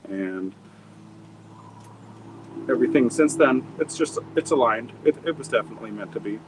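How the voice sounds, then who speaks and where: A man's voice: mid-range voice, lively intonation, moderate pace, background noise. A middle-aged man from Montana, an author being interviewed, telling his story in a rambling, reflective way with many fillers and restarts. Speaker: author and guest. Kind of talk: conversational interview.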